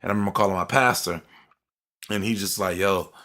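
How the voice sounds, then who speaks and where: A young adult man co-hosting a podcast, telling a personal story in animated, slangy casual talk. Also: on the low side, quick pace. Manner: animated storytelling, slangy, acts out quoted voices. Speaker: podcast co-host.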